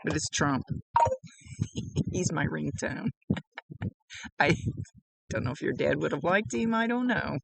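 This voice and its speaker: A woman's voice: deep voice, animated, takes it slowly, gravelly, pauses often, dry recording, low-quality recording. A woman working as a psychic medium, chatting casually through a reading, relaying messages and laughing often. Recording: heavy background noise.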